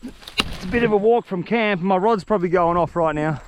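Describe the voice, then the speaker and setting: A young man with an Australian accent, vlogging his fishing trip outdoors in the bush, excitable and slangy. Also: high voice, a little fast, background noise. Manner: excitable, slangy, swears freely. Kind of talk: outdoor vlog talking to camera.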